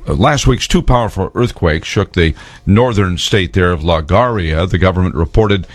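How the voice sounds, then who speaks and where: A man reading the news on the radio in a measured, formal way. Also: low-pitched, no echo. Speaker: news anchor. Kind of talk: radio newscast.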